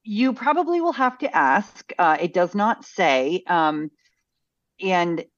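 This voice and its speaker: Low-voiced chatty woman, dull sound. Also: lively intonation, takes it slowly, dry recording. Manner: chatty, many fillers. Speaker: co-host sharing news. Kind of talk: casual chat.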